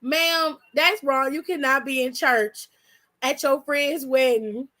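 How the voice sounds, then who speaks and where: A woman hosting her own channel, chatting loudly and bluntly with her chat and swearing freely. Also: high voice, fairly even intonation, slow pace. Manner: loud, blunt, profane, reads chat aloud. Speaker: channel host. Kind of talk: casual livestream chat.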